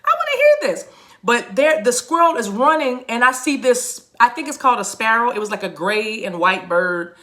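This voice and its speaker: A middle-aged woman talks loosely to her livestream chat as a spiritual reader. Her voice sits high and sounds bright and forceful. She laughs often and slips into chanted, tongue-like phrases. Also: moderate pace, hardly any pauses. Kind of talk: casual livestream talk to chat viewers.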